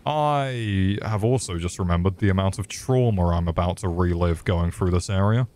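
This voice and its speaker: A man's voice: low-pitched, normal speed, darkish tone. A young man streaming a video game, cracking crude jokes, swearing freely and calling out to the monsters on screen. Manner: crude, joking, swears a lot and talks to the game's monsters. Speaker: gaming streamer. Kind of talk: casual gameplay commentary.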